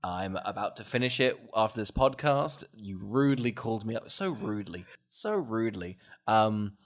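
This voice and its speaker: Excitable swearing male podcast co-host. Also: lowish voice, normal speed. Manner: excitable, swears, laughs often. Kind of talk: casual chat.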